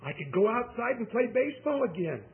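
A man's voice: extremely high pitch, very animated, brisk. A man preaching a sermon, emphatic, with personal stories and impassioned questions to the congregation. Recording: tinny phone-like audio.

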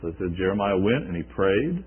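Husky low-voiced man preaching a sermon. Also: very animated. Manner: conversational retelling of scripture, with halting restarts. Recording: tinny phone-like recording.

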